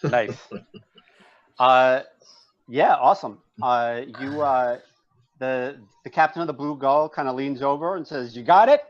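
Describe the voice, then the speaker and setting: A man runs a tabletop game, narrating scenes in a halting, searching way. His voice sits at an ordinary pitch. The recording sounds a little dull and lo-fi. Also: steady tone. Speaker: game master.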